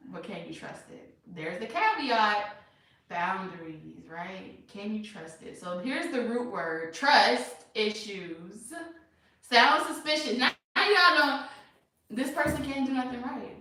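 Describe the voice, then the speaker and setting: A woman's voice: on the high side, expressive, measured pace, bright, forceful tone. A woman giving a casual tarot reading to her viewers, talking emphatically and bluntly with lots of rhetorical questions. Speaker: tarot reader. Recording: echoey room, far from mic.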